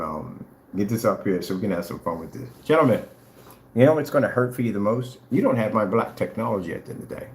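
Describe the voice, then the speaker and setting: A boastful, taunting man trash-talks his rivals in a vlog. His pitch swings up and down a lot. The sound echoes around the room. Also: a little hiss or hum. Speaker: vlogger selling paint products. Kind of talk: trash-talking challenge vlog.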